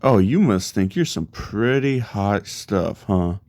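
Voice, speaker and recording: A man's voice: fairly low pitch, expressive, takes it slowly, darkish tone. A man doing a mocking villain god of death. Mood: taunting. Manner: mocking, boastful taunts.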